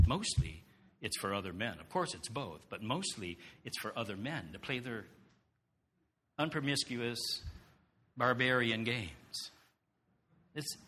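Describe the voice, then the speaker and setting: Animated husky guy preaching, asks the crowd questions, big echoey hall. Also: mid-range voice. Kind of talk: sermon.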